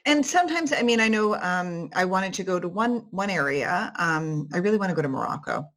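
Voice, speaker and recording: A woman in her forties, an author telling stories in a casual interview, lively and quick to laugh. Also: fairly low pitch. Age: 40s. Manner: animated, laughing storyteller. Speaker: author guest.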